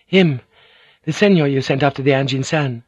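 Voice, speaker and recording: A man's voice: medium pitch, moderate pace, no echo, lo-fi sound, pitched above the performer's own voice, close to an everyday voice. A man voicing a composed noblewoman interpreter who speaks formally and firmly. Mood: questioning. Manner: formal and insistent. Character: composed noblewoman interpreter, polite but firm.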